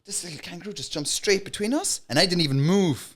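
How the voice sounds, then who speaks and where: A man's voice: high-pitched, fast, a crowd in the background. An Irish comedian telling wild stories in casual chat, acting out the people in them and laughing as he goes. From Ireland. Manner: animated, acts out dialogue, laughs while telling. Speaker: comedian guest. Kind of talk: casual storytelling.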